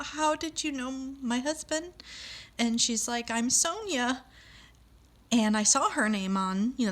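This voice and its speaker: A woman's voice: medium pitch, fairly bright tone. Middle-aged woman, personal storyteller, emotional, acts out quoted voices.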